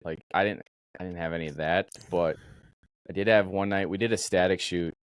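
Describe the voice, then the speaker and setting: Low-voiced man telling animated stories. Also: brisk, clear, resonant tone, no echo. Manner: animated storyteller, acts out yelling voices. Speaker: podcast co-host, former Marine. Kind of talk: casual storytelling chat.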